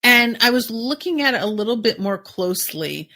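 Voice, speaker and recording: A woman's voice: on the high side, lively intonation, moderate pace, pushed and bright. A woman hosting a podcast, chatting casually through an episode recap, musing and thinking aloud with lots of fillers. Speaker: podcast host.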